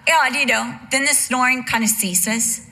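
Bright-voiced chatty woman teaching. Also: high-pitched, a little slow, a little hiss or hum. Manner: chatty, candid and humorous, with asides. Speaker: women's Bible teacher. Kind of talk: conversational teaching message.

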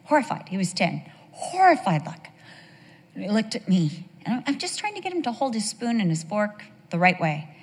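A woman's voice: medium pitch, sing-song, a little fast, hardly any pauses, slightly rough. Chatty woman preaching in a hall. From United States. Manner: chatty, storytelling, asks the audience questions. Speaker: women's devotional speaker. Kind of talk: sermon with personal stories. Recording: long reverb of a large hall.

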